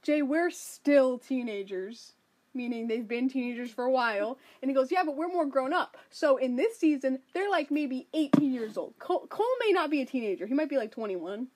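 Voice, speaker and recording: A woman's voice: sits high, animated, moderate pace, a little mellow. A woman co-hosting a podcast, chatting casually and teasingly about a cartoon episode. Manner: teasing, chatty, explains things. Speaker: podcast co-host. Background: cartoon show audio and music.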